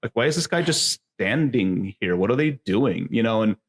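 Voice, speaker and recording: A man's voice: fairly low pitch, expressive, normal speed. A man co-hosting a podcast, rambling through a casual movie review and swearing freely. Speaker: podcast co-host.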